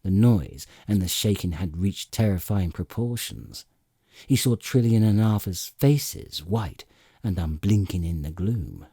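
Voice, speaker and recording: A man narrating an audiobook with expressive storytelling and dry comic timing. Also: low voice, unhurried, slightly rough, no room sound. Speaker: audiobook reader.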